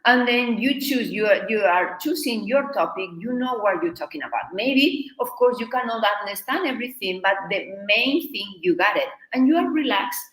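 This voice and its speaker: A woman who is a native Spanish speaker and a Spanish teacher, explaining learning tips in a lively, emphatic way with punchy "boom" accents. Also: moderate pace, few pauses, roomy sound, poor audio.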